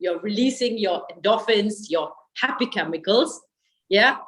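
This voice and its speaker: A woman's voice: mid-range voice, a little slow, a bit bright, poor audio. A woman leading a guided laughter yoga session over a video call, coaxing and encouraging her listeners.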